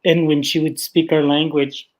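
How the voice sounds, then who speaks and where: An older man from the west coast of Vancouver Island, Canada, visits as a guest storyteller, telling stories casually in an unhurried, gentle way and laughing often between phrases. His voice is fairly high with a flat delivery, and the audio is poor.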